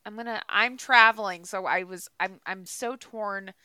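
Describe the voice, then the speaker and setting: A woman with a Boston accent rambles through jokey podcast chat, restarting her sentences as she goes. Her voice is smooth and bright, a little higher than average, and sits dry and close on the mic. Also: moderate pace, dry recording. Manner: rambling, self-interrupting, jokey. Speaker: podcast co-host. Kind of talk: casual chat.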